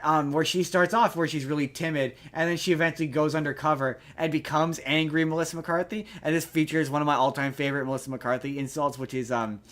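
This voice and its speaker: Animated, rambling male podcast host. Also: on the high side, fast, hardly any pauses. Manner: rambling, animated, swears freely, many restarts. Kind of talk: casual podcast chat.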